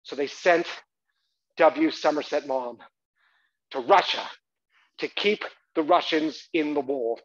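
A man telling a story on a theatre stage in a lively, chatty manner, often turning to the audience with quick asides. His voice is a little high for a man. The live recording has a slightly muffled sound. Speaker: solo stage performer and storyteller. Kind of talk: one-man stage monologue.

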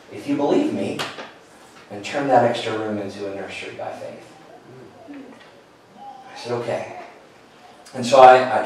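A middle-aged pastor telling a personal story in a sermon, earnest and storytelling, often falling to a hushed voice. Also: male voice, mid-range voice, a little hiss or hum. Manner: earnest storytelling, drops to a hushed voice at tender moments. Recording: echoey hall, mic at a distance.

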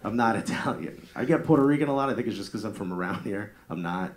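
A man's voice: fairly low pitch, animated, quick pace. A man in his thirties with a New Jersey accent, doing a brash, profane stand-up set and riffing with the crowd in a live comedy club. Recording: live club audio with loud crowd laughter. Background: crowd laughing.

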